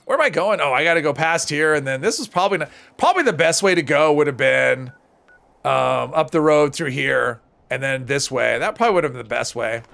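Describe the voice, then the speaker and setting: Man, live game streamer, rambling casual chat, gravelly edge, lively up-and-down pitch. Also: a little fast. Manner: rambling, chatty, often restarts and corrects himself. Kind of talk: casual gameplay commentary while reading chat.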